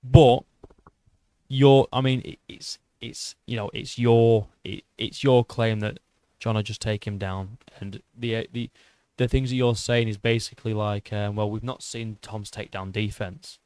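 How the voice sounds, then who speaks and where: A man in his twenties with a British accent, hosting an MMA channel and reading viewer comments in a casual livestream chat. He swears often, restarts his sentences and argues with a rough edge. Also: on the low side, steady tone, unhurried, dark tone, no echo. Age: 20s. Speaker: YouTube MMA channel host.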